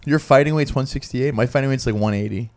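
A man co-hosting a podcast, teasing his partner in casual deadpan banter. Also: mid-range voice, quick pace. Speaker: podcast co-host.

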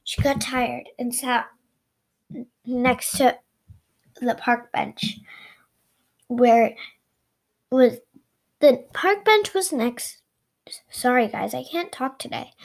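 A woman's voice: a little high, takes it slowly, gravelly, long pauses. A woman telling an improvised story, rambling with restarts and asides to her listeners.

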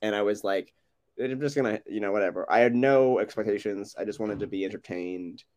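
A man's voice: lowish voice, brisk, darkish tone. A young man co-hosting a podcast, talking about films in a loose, casual way with frequent laughs and many fillers. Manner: laid-back, laughs often, many fillers and restarts. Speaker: podcast co-host. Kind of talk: casual movie chat.

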